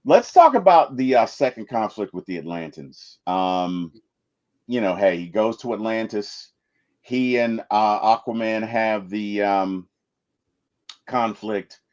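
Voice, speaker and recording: Animated man with a dull lo-fi sound. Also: lowish voice, slow. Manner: animated, prompting questions, many fillers. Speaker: co-host of a movie review podcast. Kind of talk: casual conversational review.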